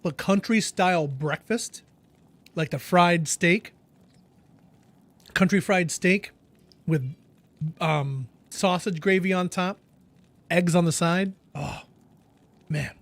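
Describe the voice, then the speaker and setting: A man's voice: sits high, slow, gravelly, long pauses, dry recording. A man streaming a game, chatting casually with viewers in a jokey, laid-back way. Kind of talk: casual chat.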